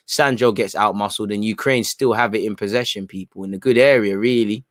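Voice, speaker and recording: Fairly low in pitch, with fairly even intonation and a fairly quick pace, a man hosts a live football watchalong, speaking casually and with firm opinions about the play and frequently saying "man." He reads chat aloud and reacts, recorded in studio quality with no room sound.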